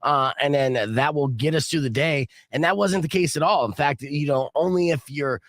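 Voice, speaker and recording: A man's voice: a little high, normal speed, no echo, clean studio sound. A man hosting a casual morning radio show, telling a story and acting out the people in it. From Arizona. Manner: animated storyteller, acts out quotes loudly. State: sick with a cold.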